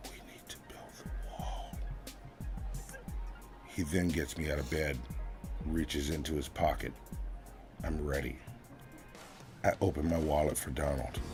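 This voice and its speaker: A man co-hosting a comedy podcast, reading a mock-solemn story in a slow deadpan. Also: a bass voice. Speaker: podcast co-host reading a comic piece. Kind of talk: comedic reading and casual chat.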